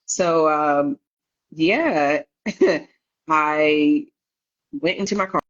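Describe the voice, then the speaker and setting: Speaking extremely slowly in a low voice, this woman guest recounts her own experiences on a podcast in a candid interview. She's lively, laughs a lot, and imitates what others said. Audio is lo-fi and a bit dull.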